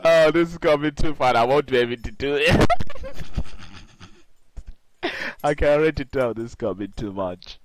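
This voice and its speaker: A man's voice: medium pitch, normal speed, long pauses, a little hiss or hum. A man co-hosting a podcast in casual chat, laughing often, swearing and trailing off with fillers. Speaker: podcast co-host.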